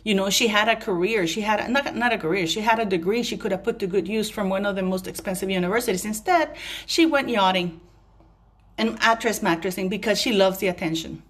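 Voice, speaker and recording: A woman's voice: mid-range voice, fairly quick. A woman vlogger delivering an emphatic opinion rant straight to her viewers, breaking off now and then to apologize for ranting. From Commonwealth country.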